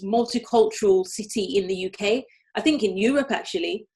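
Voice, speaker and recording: A woman's voice: mid-range voice, brisk, darkish tone. A woman from Birmingham with a light Brummie accent, a guest speaking candidly in an interview, reflective, often restarting and repeating her phrases. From Birmingham, England.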